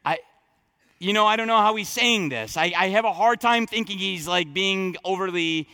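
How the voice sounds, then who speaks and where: Bright-voiced male pastor preaching. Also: high-pitched, normal speed, smooth, no echo, studio quality. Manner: conversational, thinking aloud with frequent fillers and restarts; earnest, emphatic preaching. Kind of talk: sermon.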